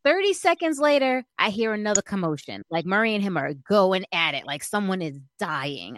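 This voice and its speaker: A woman telling an animated, chatty story in casual talk, full of fillers and acted-out quotes. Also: mid-range voice, fairly quick, hardly any pauses, dry recording.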